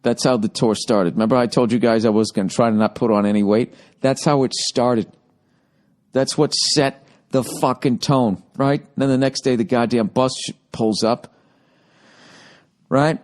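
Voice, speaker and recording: A man's voice: mid-range voice, steady tone, normal speed, darkish tone. A man hosting a podcast, telling a comedic story in a profane, ranting way. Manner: profane, ranting, heavy swearing. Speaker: podcast host.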